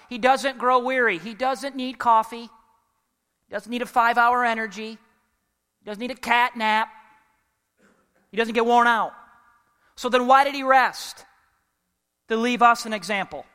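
High, bright-voiced pastor preaching in a hall. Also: male voice. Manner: animated, humorous, asks the congregation questions. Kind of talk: sermon.

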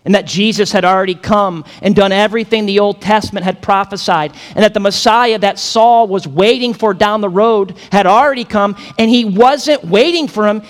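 Pastor guy preaching, kinda high voice, big echoey hall, gets loud and punchy. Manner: dynamic preaching, acts out quotes, builds to emphatic peaks. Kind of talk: sermon.

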